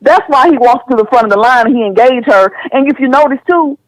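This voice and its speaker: Woman caller, high voice, indignant retelling, dry close sound. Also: fast talker, no room sound, low-quality recording. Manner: animated, indignant storytelling. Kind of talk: casual podcast call-in.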